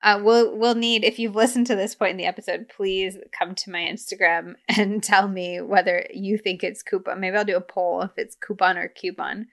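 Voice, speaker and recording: A woman hosts a casual podcast chat, animated and quick to laugh. Her voice is bright and clear, at an ordinary pitch for a woman. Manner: chatty and enthusiastic, laughs often. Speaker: podcast host. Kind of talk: casual chat about gift ideas.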